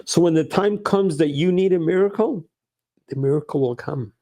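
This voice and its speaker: A man's voice: fairly high pitch, normal speed, dark tone. A middle-aged man preaching as a rabbi, earnest and emphatic, repeating his phrases. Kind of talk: sermon.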